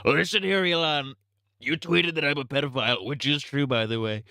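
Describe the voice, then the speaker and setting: A man's voice: fairly high pitch, normal speed, gravelly, sharp tone, smooth, no room sound, studio quality, voice pushed up. A man doing a mocking impression of a crude, boastful old male politician.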